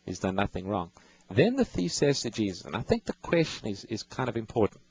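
A man's voice: medium pitch, wildly swooping pitch, a little fast, darkish tone, slight background noise, poor audio. A man hosting a radio Bible call-in show, patiently explaining scripture and reading verses to callers.

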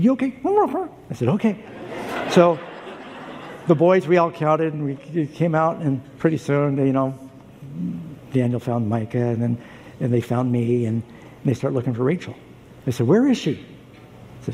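Male pastor, sermon delivery, animated storyteller, mellow tone, long hall reverb. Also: a little hiss or hum. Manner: animated storytelling, acts out voices, pitch jumps up for emphasis.

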